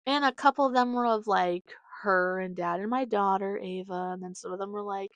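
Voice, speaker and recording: A woman's voice: mid-range voice, brisk, dry recording, highs cut off. A young adult woman hosting her own podcast, telling stories in a casual, rambling way full of fillers. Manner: rambling, filler-heavy storytelling. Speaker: podcast host. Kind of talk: casual chat.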